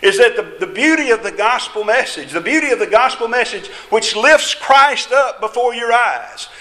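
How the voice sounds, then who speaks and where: A man's voice: very high-pitched, expressive, normal speed, bright, forceful tone, reverberant, rough recording. A man preaching a sermon in a folksy, emphatic way, with small jests along the way.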